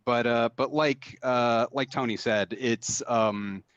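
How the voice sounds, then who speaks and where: A man's voice: medium pitch, steady tone, slow pace, fairly bright tone, smooth, dry recording, lo-fi sound. A man talking casually in an interview about making games, rambling with many fillers and restarts. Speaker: game designer guest.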